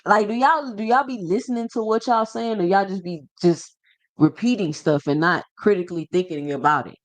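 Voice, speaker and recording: This man's voice sits high and moves fairly quickly as he hosts a boxing livestream. He speaks straight to his chat in a relaxed, slangy way and reads viewer comments aloud.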